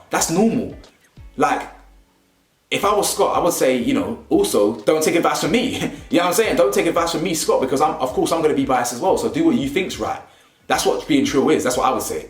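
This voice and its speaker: Animated young man, lively pitch. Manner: animated, slangy, laughs often. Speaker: reality show reviewer. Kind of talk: casual commentary. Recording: roomy echo, faint music.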